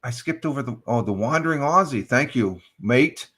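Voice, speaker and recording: A man's voice: mid-range voice, lively intonation, normal speed, breathy edge. Rambling American man hosting a live stream. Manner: rambling, many ums and uhs, friendly shout-outs. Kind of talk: casual morning chat, thanking chat viewers.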